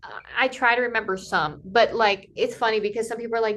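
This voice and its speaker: A woman in casual conversation, telling a personal travel story in a lively way, acting out what people said to her and filling her talk with "like". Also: on the high side, fast talker. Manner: animated, acts out quoted dialogue, many "like" fillers. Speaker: podcast guest, Camino pilgrim.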